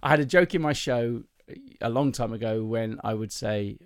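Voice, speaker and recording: A man tells comic stories from his stand-up life, stopping and restarting with ums as he goes. His voice has a gravelly fry to it. The sound is dry and close, with no room in it. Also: medium pitch, dry recording. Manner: chatty anecdotal storyteller, self-mocking, halting with ums. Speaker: comedian and podcast host. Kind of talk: casual storytelling chat.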